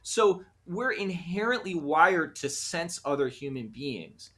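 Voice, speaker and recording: An American man, a guest in an interview, explaining his ideas in an animated way and often acting out quoted voices. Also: on the high side, slow. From United States. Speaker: guest, conflict resolution practitioner. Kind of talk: conversational interview.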